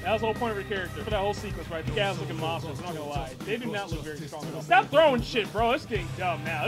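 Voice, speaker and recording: High-voiced excitable man reacting to a movie. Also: fast talker, hardly any pauses, over loud music. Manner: excitable, profane, frequent exclamations. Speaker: movie reviewer. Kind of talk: live movie reaction commentary.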